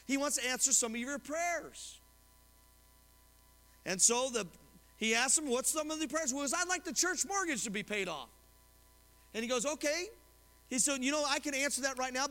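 High-voiced bright preacher in a reverberant hall. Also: male voice. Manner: asks the congregation questions and retells stories with quoted voices. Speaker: pastor. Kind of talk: sermon. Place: church sanctuary.

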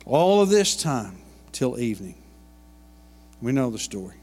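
A man's voice: mid-range voice, big pitch swings, a little slow, mellow, in a large hall. A man preaching a sermon and retelling a Bible story in a folksy way, full of asides and homey jokes. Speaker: pastor. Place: church sanctuary.

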